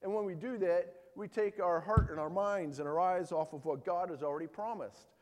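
A man's voice: high-pitched, moderate pace, in a large hall. A man preaching a sermon in an earnest way, reading scripture and putting rhetorical questions to his listeners. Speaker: pastor.

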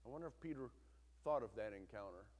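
A man preaching a sermon, swinging between loud, intense retelling and hushed, quiet emphasis. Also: lowish voice, lively intonation, fast talker. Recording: long hall reverb.

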